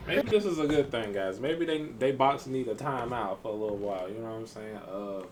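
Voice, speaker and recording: A man's voice: medium pitch, lively intonation, fairly quick, background noise. A man hosting a reaction video, giving blunt, slangy commentary in a casual way.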